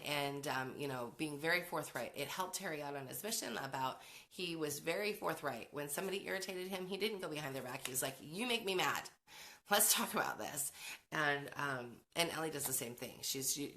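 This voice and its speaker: A woman's voice: deep voice, pushed and bright. A woman in her forties hosting a podcast, talking casually about parenting, chatty, laughing often and acting out quotes. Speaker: podcast host.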